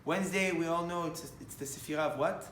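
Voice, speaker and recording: Animated preaching man in an echoey room. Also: on the high side, quick pace, slight background noise. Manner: animated, rising to loud emphatic bursts, many restarts. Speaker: rabbi. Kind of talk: sermon with storytelling.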